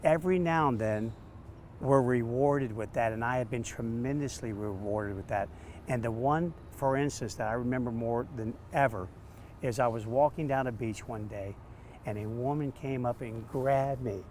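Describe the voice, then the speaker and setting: A man, a dog trainer, telling stories in an interview, animated and acting out quotes. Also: medium pitch, normal speed, a little hiss or hum. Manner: animated, acts out quotes with laughs. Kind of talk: storytelling interview answers.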